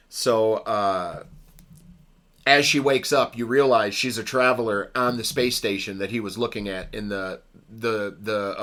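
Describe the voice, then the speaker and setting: A man's voice: lowish voice, fairly bright tone. Rambling man retelling a movie. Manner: rambling, many ums and restarts. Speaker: podcast co-host. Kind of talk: casual podcast chat retelling a movie.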